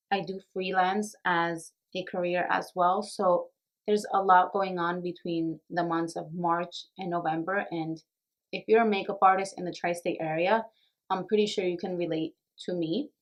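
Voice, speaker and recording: A young woman who works as a makeup artist and beauty vlogger, talking to the camera in an earnest, reflective way, a little nervous and emotional. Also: fairly low pitch. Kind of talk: casual talk to camera.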